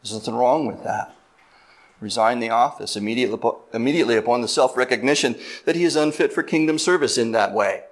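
Male pastor, earnest sermon delivery, slows down for emphasis, mid-pitched voice. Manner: earnest, deliberate preaching with slow emphatic stretches; explains words step by step, asks listeners "right?".

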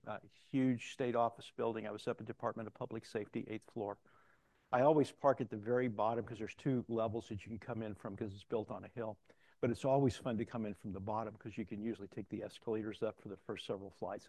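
A man's voice: fairly low pitch, steady tone, fast talker, a little mellow, dry recording. An older man preaching a sermon in a conversational storytelling way, mixing personal anecdotes with scripture references.

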